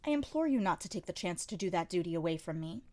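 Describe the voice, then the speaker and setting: A woman's voice: on the low side, lively intonation, fast, natural voice. Woman reads a young court official, polite, sweet-voiced, coaxing. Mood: charming. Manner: gentle, honeyed, polite. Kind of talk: audiobook character reading.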